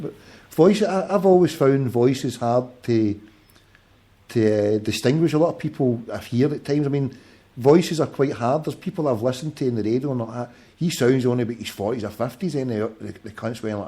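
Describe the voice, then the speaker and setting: A Glaswegian man in his forties at a home podcast mic, his pitch sitting in the middle of a man's range. He swears constantly and bickers in rough, jokey banter with a caller. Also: moderate pace, dark tone. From Scotland. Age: 40s. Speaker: podcast host. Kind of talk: casual call-in chat.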